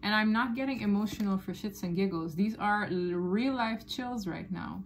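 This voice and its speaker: A woman giving a tarot reading to her viewers, talking in a loose, animated way, often laughing and repeating phrases. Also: medium pitch, normal speed, slight background noise, poor audio. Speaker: tarot reader. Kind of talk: casual tarot reading to camera.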